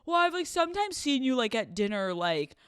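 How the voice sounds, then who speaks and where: A woman's voice: sits high, big pitch swings, a little fast, fairly bright tone, smooth, no room sound, studio quality, pitched above the performer's own voice. A woman acting out a clueless, distracted young boyfriend who talks in a vague, hesitant way.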